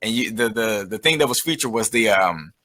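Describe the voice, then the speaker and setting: A man with a low, bright voice tells a rambling story over voice chat. He swears freely and keeps restarting his sentences, circling back before he gets to the point. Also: animated, brisk, rough recording. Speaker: guest. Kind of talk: casual chat.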